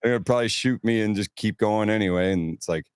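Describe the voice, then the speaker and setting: Low-voiced man telling rambling tour stories. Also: quick pace, clean tone, dry recording, studio quality. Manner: rambling storyteller, swears freely. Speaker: touring band crew member. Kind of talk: casual podcast chat.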